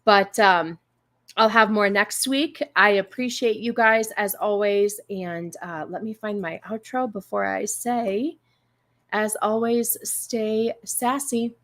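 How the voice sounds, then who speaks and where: A woman's voice: mid-range voice, takes it slowly, a bit bright. Chatty woman hosting a livestream. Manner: chatty, rambling, many fillers. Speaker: livestream host. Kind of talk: casual livestream chat.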